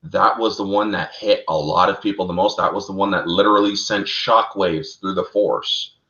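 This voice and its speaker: A man with a fairly low voice tells story lore in an animated, chatty way and keeps calling his listeners "folks". The sound is roomy and a little dull, like a lo-fi home stream. It is casual talk among fans. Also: moderate pace. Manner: animated, addresses listeners as folks, laughs at own slips. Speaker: co-host of a fan lore talk show.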